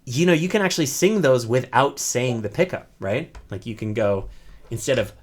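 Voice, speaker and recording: A man's voice: medium pitch, animated, moderate pace, a little hiss or hum. A man teaching an online ukulele class, explaining step by step in an encouraging way and often checking in with "right?".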